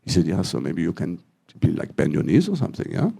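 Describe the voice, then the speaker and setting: A man's voice: low-pitched, gravelly, breathy edge. A man with an English accent, an actor telling stories at a post-screening Q&A in a cinema. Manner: animated, quotes others in quick dialogue. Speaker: actor guest at a Q&A. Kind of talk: anecdotal storytelling. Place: cinema auditorium after a screening.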